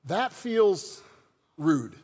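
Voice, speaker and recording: A man's voice: high voice, big pitch swings, extremely slow, darkish tone. A man preaching a sermon as pastor, in a conversational style and joking with the congregation. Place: church sanctuary. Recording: long church hall reverb.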